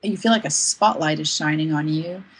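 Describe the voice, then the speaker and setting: A woman's voice: deep voice, moderate pace, slight background noise, low-quality recording. A woman guest on a podcast telling a personal story in a candid, self-deprecating way. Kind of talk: conversational storytelling.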